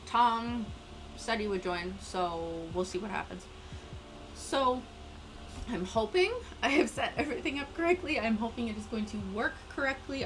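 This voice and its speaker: A woman's voice: a little high, background noise. A woman hosting a casual live stream, chatting in a rambling, self-deprecating way.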